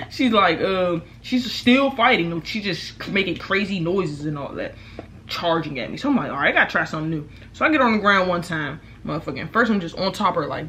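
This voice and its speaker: A young woman vlogger, telling a storytime in casual, profane talk, loudly acting out what people said. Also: medium pitch, moderate pace, slight background noise. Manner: animated, profane, acts out quotes loudly. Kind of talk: casual storytime while eating.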